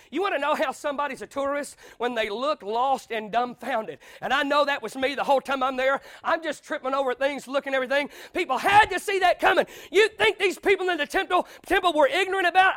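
A man preaching a sermon, telling stories with sudden shouts. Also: very high voice, dry recording, clean studio sound. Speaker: pastor.

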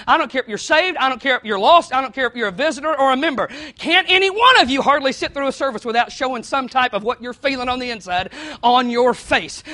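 A man delivers a sermon in a very high, bright voice. He works like a storyteller, dropping low and quiet, then rising into shouted lines. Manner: storytelling preacher, swinging between hushed and shouting. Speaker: pastor.

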